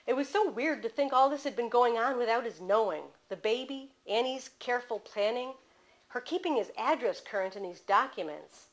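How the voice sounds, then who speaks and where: A woman author gives a measured, expressive reading of her own novel at a bookstore. Her voice sits fairly high.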